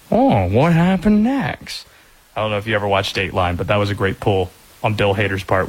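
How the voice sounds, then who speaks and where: A man hosting a sports talk show, chatting in a loose, digressive way with quick asides. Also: fairly high pitch, fairly bright tone, husky, poor audio. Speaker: sports radio host.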